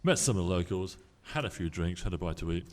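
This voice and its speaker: Mellow-voiced man telling a rambling story. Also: sits low, expressive, fast talker, slight background noise. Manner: rambling storyteller with frequent restarts. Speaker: actor on a convention panel. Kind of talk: anecdote at a fan Q&A. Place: large convention hall. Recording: echoey hall.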